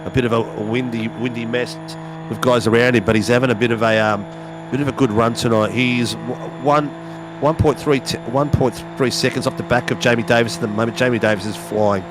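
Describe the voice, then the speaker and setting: A man with a croaky voice, giving rambling, jokey live race commentary. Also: medium pitch, steady tone, brisk. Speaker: sim racing commentator. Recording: loud race car engine noise behind.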